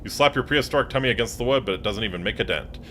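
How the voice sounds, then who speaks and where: A man's voice: fairly low pitch, very fast, a bit bright, slight background noise. A man streaming a game, joking around and reading the game's narration aloud. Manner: playful, jokey, reads narration aloud. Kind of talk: gameplay commentary and reading game text aloud.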